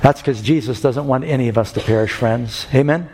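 A man's voice: mid-range voice, a little fast, darkish tone, slight background noise. A man preaching an evangelistic sermon, telling stories and pleading with his listeners. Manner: storytelling, rising to urgent pleading. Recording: reverberant hall with faint music.

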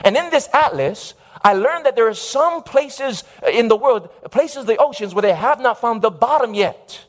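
A man voicing a zealous, respectful old father who gently explains himself to his son. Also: extremely high pitch, expressive, moderate pace, pitched above the performer's own voice. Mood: eager. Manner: gentle, eager storytelling.

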